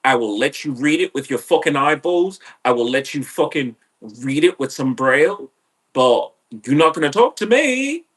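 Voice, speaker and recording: Animated profane man ranting, bright voice. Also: fairly high pitch, moderate pace, breathy edge. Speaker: podcast host. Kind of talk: ranting monologue.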